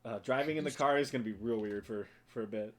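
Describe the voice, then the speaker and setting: A man narrating a tabletop game as game master, describing scenes with frequent pauses and fillers. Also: lowish voice, a crowd in the background. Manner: hesitant, many uhs and ums while describing scenes.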